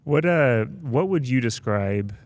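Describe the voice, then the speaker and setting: A man's voice: mid-range voice, expressive, unhurried, a little mellow. A man hosting a podcast interview, asking questions in a friendly way with brief backchannels. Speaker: podcast host.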